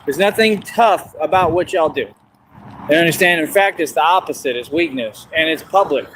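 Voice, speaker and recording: A man streaming alone outdoors in the dark, delivering a boastful, combative monologue that keeps repeating itself. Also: fairly high pitch, normal speed, a little hiss or hum, low-quality recording. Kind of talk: ranting monologue.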